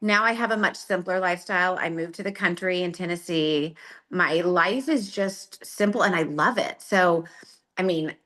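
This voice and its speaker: Bright, reflective woman in her forties. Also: lowish voice. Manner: open, reflective, measured. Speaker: podcast guest. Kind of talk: casual interview chat.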